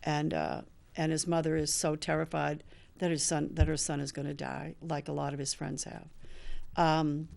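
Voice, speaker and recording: Speaking at a normal pace, a woman with a low, level, creaky and slightly mellow voice hosts a show and recounts a personal story. She's an older woman in recovery, earnest throughout, and she performs the quoted lines of the people she describes.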